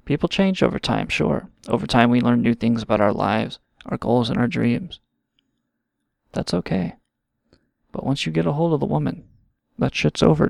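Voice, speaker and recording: Gravelly man ranting profanely. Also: medium pitch, huge pitch swings, moderate pace, pauses often, dry recording, clean studio sound. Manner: profane, rambling, sarcastic. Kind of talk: casual comedic rant.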